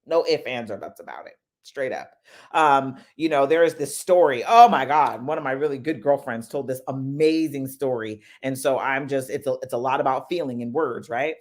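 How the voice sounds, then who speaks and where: A woman hosting a casual motivational talk, chatty and animated, with lively asides as she tells stories. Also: rumbling low, normal speed. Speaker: host.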